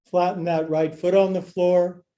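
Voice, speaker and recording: A man teaching a live yoga class, his voice sitting high but mellow and unhurried. He cues each pose with goofy asides and runs a bit short of breath as he moves along with his students. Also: little pitch movement, muffled recording. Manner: playful, jokey cueing of poses.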